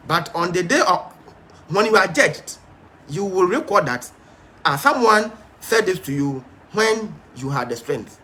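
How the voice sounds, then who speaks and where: Stern, lively-pitched male Bible teacher. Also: unhurried. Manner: emphatic, stern and repetitive, with many fillers. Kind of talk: Bible study sermon.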